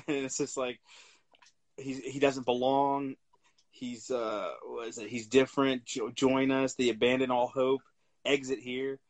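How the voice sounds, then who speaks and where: A man's voice: medium pitch, unhurried. A man co-hosting a wrestling podcast in casual chat, swearing freely and laughing through his stories. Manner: profane, laughing, animated storyteller. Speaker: podcast co-host.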